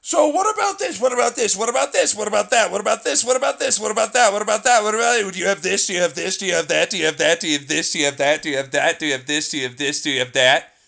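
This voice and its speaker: A man's voice: high-pitched, rapid-fire, creaky, voice pushed up, full character voice. A man mimicking a pestering customer who fires off the same demanding questions over and over. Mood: nagging. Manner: repetitive, shouting questions.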